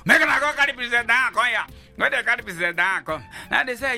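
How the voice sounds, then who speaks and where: Bright high-voiced Nigerian Pidgin comedian. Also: male voice, fast, few pauses, faint music behind. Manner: animated storyteller, acting out characters. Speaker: stand-up comedian. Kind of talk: stand-up comedy storytelling.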